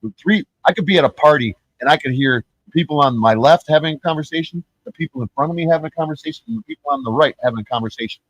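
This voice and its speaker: A man's voice: a little high, fast talker, hardly any pauses, dry recording, poor audio. A man ranting on his live stream, profane and rambling, who often restarts his words.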